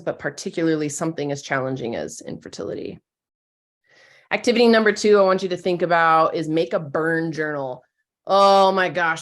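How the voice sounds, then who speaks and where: A woman therapist leads a webinar in a slightly low voice. She talks gently and candidly, coaching listeners through exercises in relaxed, casual wording. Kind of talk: webinar talk with guided exercises.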